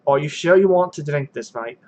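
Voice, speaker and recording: A man's voice: a little high, expressive, fairly quick, a little mellow, lo-fi sound, a little hiss or hum, lightly acted. A man voicing a plain-spoken innkeeper. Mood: coaxing. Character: male innkeeper serving drinks at a bar.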